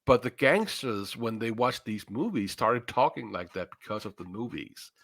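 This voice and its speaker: A man appearing as a guest in a casual review chat, giving his opinions in a measured way. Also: medium pitch, animated, a bit bright, no echo, clean studio sound.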